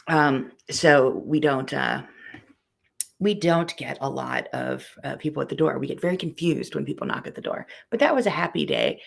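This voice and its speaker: Low, gravelly woman chatting with viewers. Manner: rambling, chatty, greets viewers by name. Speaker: quilting teacher and live-stream host. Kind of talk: casual live-stream chat.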